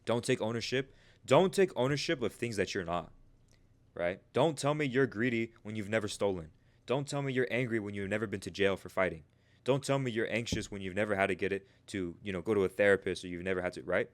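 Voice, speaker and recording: A man's voice: on the low side, fairly quick. A man teaching traders about mindset in a motivational monologue, firing rhetorical questions and tagging "right?" after almost every phrase. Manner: repeats "right?" and "you guys" constantly, rhetorical questions. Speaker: trading educator.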